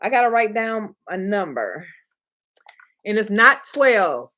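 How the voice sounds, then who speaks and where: A woman's voice: mid-range voice, big pitch swings, slow. A middle-aged woman from Michigan chatting casually on a livestream, talking to her viewers and laughing often. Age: 30s to 40s. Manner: chatty, warm, talks to chat, laughs often, gets emotional. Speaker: livestream host, notary signing agent trainer.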